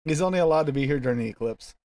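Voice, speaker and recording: A man's voice: on the high side, animated, rapid-fire, darkish tone, dry recording, studio quality. A man co-hosting a casual live stream, easygoing and chuckling.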